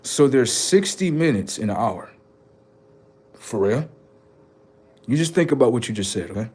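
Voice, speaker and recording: A man's voice: medium pitch, expressive, normal speed, darkish tone, breathy edge. A man on a live stream, chatting casually and swearing, then lecturing his viewers insistently about number codes.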